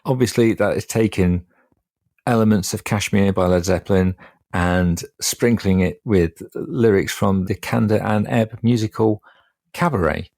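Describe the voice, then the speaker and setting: A man's voice: fairly low pitch, unhurried, a little mellow, dry recording, clean studio sound. A man co-hosting a podcast in casual, rambling chat, with many hesitations. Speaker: podcast co-host.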